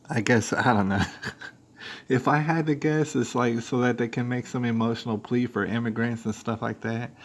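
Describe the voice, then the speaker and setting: Male stream host, lowish voice, loose rambling commentary full of fillers. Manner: rambling, speculative, many fillers and restarts. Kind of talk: casual commentary on news clips.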